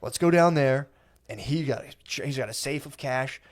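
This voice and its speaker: A young man telling a profane, animated comedy story on a podcast, acting out the quoted lines. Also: mid-range voice, moderate pace. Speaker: podcast guest.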